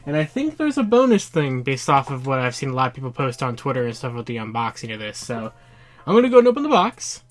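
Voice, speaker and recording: A man hosting a casual toy unboxing vlog, chatty and excitable, a little out of breath. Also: mid-range voice, fast talker, slight background noise. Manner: excitable, chatty, laughs often. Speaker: toy collector YouTuber.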